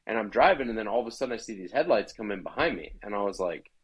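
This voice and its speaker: A man's voice: fairly low pitch, animated, fast, husky, poor audio. A man from Idaho, a podcast guest, telling a hunting story in a chatty way full of "like" fillers. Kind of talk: casual storytelling.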